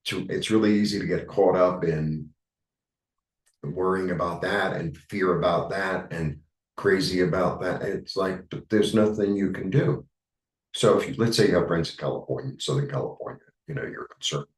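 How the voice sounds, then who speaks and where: A man with a New York accent giving a rambling, halting tarot reading, full of fillers. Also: sits low, reverberant, recorded from a distance, low-quality recording. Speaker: tarot reader. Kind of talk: casual spiritual monologue.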